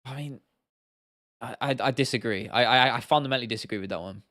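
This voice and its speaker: A man's voice: mid-range voice, fast talker, a bit bright, no room sound, clean studio sound. A young man from the UK hosting a casual livestream Q&A, talking bluntly with plenty of slang and swearing and often restarting his sentences. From United Kingdom. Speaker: livestream host.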